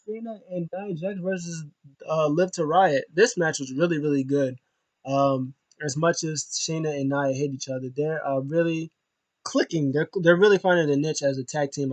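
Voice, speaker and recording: A man's voice: a little high, no echo, highs cut off. A young man giving a casual, rambling wrestling show recap with lots of slang and fillers.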